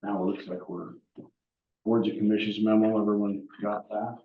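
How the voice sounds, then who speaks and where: A man's voice: fairly low pitch, little pitch movement, normal speed, slight background noise. Man chairing a meeting, phone-like sound. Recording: echoey, distant, phone-like sound.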